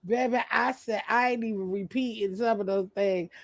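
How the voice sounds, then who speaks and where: A woman chatting casually to her viewers on a livestream, loud and playful, laughing often and trash-talking. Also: mid-range voice, fairly even intonation, normal speed, gravelly, no echo. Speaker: channel host. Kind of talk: casual live chat.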